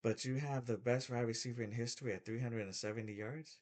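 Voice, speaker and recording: A man's voice: medium pitch, steady tone, fast, few pauses, a little mellow. A middle-aged man giving a heated, repetitive opinion rant as a sports vlogger, stumbling and restarting as he talks.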